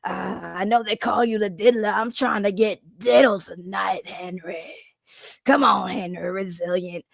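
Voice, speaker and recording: A woman doing the Glizzy Goblin, gravelly and leering. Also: steady tone, unhurried, no echo. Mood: sleazy teasing. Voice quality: low gravelly rasp. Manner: drawling, mocking, sleazy taunts. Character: crude, taunting raspy low-class woman.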